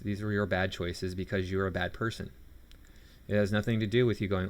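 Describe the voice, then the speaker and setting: A man with a deep voice reacts to a video clip. He sounds sarcastic and scornful throughout. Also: fairly even intonation, a little fast. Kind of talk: reaction commentary.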